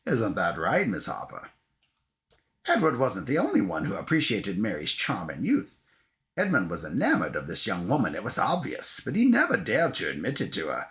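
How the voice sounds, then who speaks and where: A man's voice: lowish voice, huge pitch swings, moderate pace, a bit bright, pitched below the performer's own voice, full character voice. A man voicing a prim, haughty elderly English grandmother with an English accent, condescending and cutting in a board game reading. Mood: disdainful.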